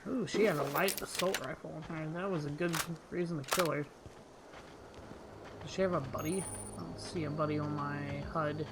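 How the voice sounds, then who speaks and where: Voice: mid-range voice, steady tone, normal speed. A game streamer giving casual live commentary, wry and muttering reactions to the game. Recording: noisy stream audio.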